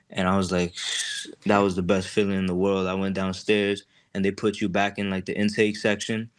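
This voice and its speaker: Deep, flat-voiced young man. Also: clean tone. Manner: halting, many fillers and restarts. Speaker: client describing his case. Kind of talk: conversational interview storytelling.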